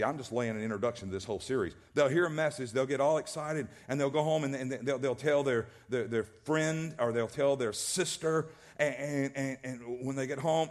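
A male pastor preaching a sermon, emphatic and repetitive, often restarting his words. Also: medium pitch. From American South.

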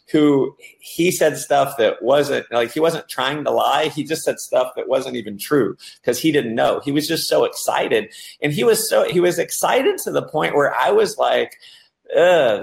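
A man talking casually about recruiting in network marketing, telling stories and acting out excited quotes. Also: medium pitch, creaky. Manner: storytelling, animated, acts out excited quotes with laughs. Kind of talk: casual talk.

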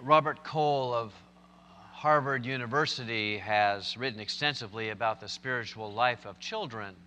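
A man's voice: medium pitch, normal speed, pushed and bright, in a large hall. A man preaching a sermon, telling stories and building to emphatic, impassioned points. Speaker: pastor.

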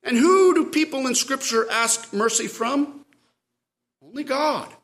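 A man preaching a sermon, swinging from loud cries to quiet asides. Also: very high voice, a little slow. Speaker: pastor.

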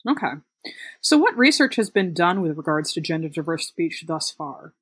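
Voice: medium pitch, very animated, normal speed, a bit bright, breathy edge, dry recording. Curious podcast host asking questions. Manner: curious, asks short questions. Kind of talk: interviewing a guest.

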